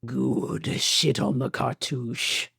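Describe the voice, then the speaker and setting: A man putting on the voice of a sinister old male galactic emperor, speaking slowly and low. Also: steady tone, creaky, pushed and bright, breathy edge, dry recording, clean studio sound, full character voice.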